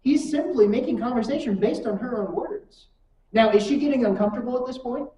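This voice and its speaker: A woman leads a church class in an easygoing way, putting question after question to her listeners. Her voice is soft and mellow. She sounds set back from the microphone in a roomy, echoing space. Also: on the high side, a little fast, a little hiss or hum. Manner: asks the class rhetorical questions. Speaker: Bible class teacher. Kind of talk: conversational church lesson. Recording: echoey room from far mic.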